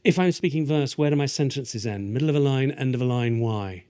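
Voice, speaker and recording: Brief: British male teacher running a lively, playful drama workshop with lots of audience questions. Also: medium pitch, brisk, smooth. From Britain. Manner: animated, playful, taps out verse rhythms aloud. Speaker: workshop leader.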